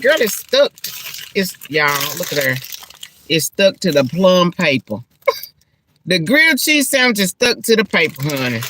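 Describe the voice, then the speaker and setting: A woman's voice: medium pitch, noisy background. A middle-aged woman, chatting casually to her viewers over lunch, calling them honey and child and laughing often. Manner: chatty, Southern-style endearments like honey and child; animated and laughing, church exclamations. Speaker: vlogger. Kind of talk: casual mukbang-style chat.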